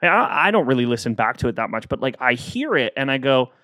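A man's voice: medium pitch, sing-song, a little fast, bright, forceful tone, no room sound, studio quality. A man hosting a casual solo podcast, chatting playfully and acting out both sides of imagined exchanges.

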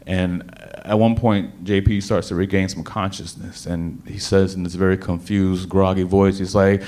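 A man telling a personal story to a live audience, animated, with stammering restarts and sudden bursts of emphasis. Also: low voice, normal speed.

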